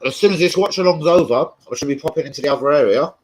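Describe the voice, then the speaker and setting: A young man hosting a live football watch-along, excitable, swearing and shouting out his viewers by name. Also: on the high side, very fast, rough recording. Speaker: football fan channel host.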